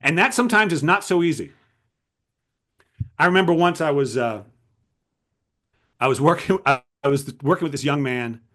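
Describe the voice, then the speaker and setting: A man's voice: fairly high pitch, normal speed, long pauses, a bit bright. A man giving a talk to a writers' group as a writing coach, emphatic and full of rhetorical questions.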